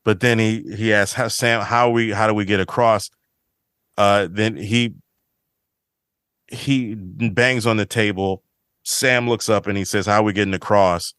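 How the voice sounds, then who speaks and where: A man's voice: lowish voice, fairly even intonation, unhurried, fairly bright tone, smooth, dry recording, clean studio sound. A man hosting a podcast, casually retelling scenes from a TV episode and quoting the characters' lines. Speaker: podcast host. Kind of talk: casual chat recapping a TV episode.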